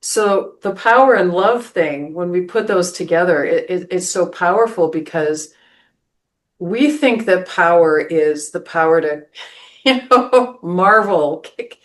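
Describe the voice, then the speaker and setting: A woman's voice: fairly low pitch, slow. A woman pastor hosting a spiritual podcast, telling a story in an earnest way, with many restarts and "right?" asides.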